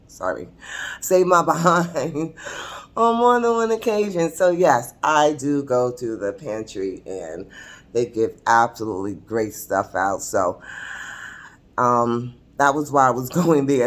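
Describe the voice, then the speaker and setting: A woman in her sixties telling her own story to camera in a chatty, confiding way, often laughing mid-sentence. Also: a bass voice. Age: 60s. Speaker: vlogger. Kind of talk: casual personal storytelling to camera. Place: seated at a table indoors.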